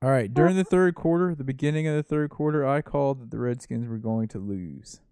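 A man's voice: medium pitch, brisk, dark tone, clear, resonant tone, no room sound, studio quality. A man co-hosting a casual sports podcast, chatty and ribbing his friends. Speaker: podcast co-host.

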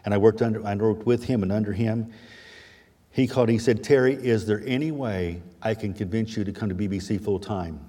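Male preacher, 50s, folksy and chatty, husky voice, church reverb. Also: on the low side, a little fast, dark tone. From Missouri, USA. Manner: folksy, chatty asides with self-deprecating humor. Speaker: guest preacher and history teacher. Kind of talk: sermon. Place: church sanctuary.

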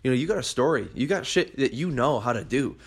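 A man's voice: medium pitch, lively intonation, quick pace, creaky, husky. A young man hosting a podcast, talking bluntly and animatedly, swearing freely as he gives motivational advice. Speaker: podcast host.

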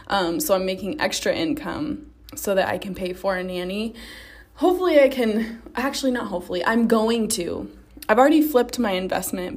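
A young woman talks straight to her listeners in a solo podcast, swearing freely as she pushes them to take charge. Her delivery is blunt and direct, like a friend giving tough-love advice. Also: mid-range voice. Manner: blunt, profane, pep-talk delivery. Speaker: podcast host. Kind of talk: motivational solo podcast monologue.

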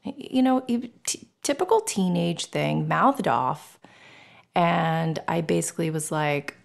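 A slightly slow, lowish, creaky voice belongs to a middle-aged woman hosting a personal podcast. She shares things candidly and emotionally, swearing freely, and animatedly dramatizes scenes with whispers and voices.

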